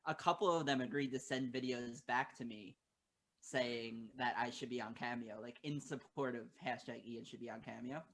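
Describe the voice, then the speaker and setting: A young man guests on a casual podcast, calling in from home. He delivers his jokes in a dry, blunt, deadpan way, in an ordinary mid-range voice. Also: medium pitch, moderate pace. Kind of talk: casual comedic chat.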